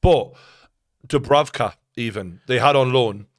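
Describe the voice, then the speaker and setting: A man with a Geordie accent co-hosting a live football watchalong, chatty and opinionated, shouting at the big moments. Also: mid-range voice, measured pace, no echo, clean studio sound. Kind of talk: casual live match commentary.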